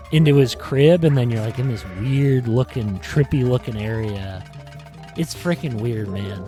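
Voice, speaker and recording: A man talks through his podcast episode in a loose, rambling way, padding his sentences with "like" and "you know". His voice sits at an ordinary middle pitch, and faint music plays underneath. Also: a little mellow. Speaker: podcast host. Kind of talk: casual retrospective monologue. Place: in front of a green screen.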